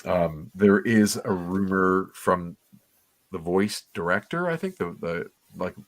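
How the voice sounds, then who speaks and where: A man's voice: deep voice, expressive, slow pace. A man co-hosting a comics livestream, giving rambling, enthusiastic, nostalgic commentary on an old cartoon. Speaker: comics podcast co-host.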